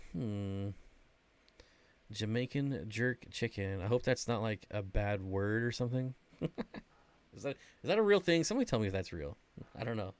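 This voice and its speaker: A man's voice: mid-range voice, smooth, dry recording. A man hosting an aquarium livestream, chatting casually and answering viewer questions, rambling with lots of fillers. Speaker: aquarium channel host.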